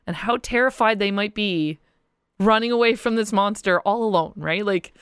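Mom on a podcast, smooth clear voice, lots of ums, casual. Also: female voice, medium pitch, normal speed, a bit bright, dry recording, studio quality. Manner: hesitant, many ums and uhs. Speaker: podcast guest.

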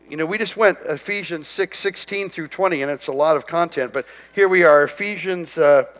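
Man, pastor, sermon, emphatic, higher voice, reverberant hall. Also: fairly bright tone. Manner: emphatic, declaring scripture with rising intensity.

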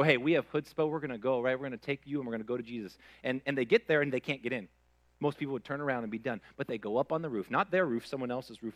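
A man preaching a sermon, telling stories with dramatic swings from hushed to loud. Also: medium pitch. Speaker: pastor.

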